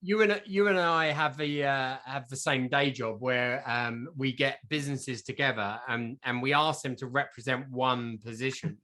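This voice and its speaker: A man's voice: medium pitch, moderate pace, few pauses, pushed and bright. A man from southern England, co-hosting a casual comic chat, rambling playfully. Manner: rambling, playful, sings silly jingles. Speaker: podcast co-host.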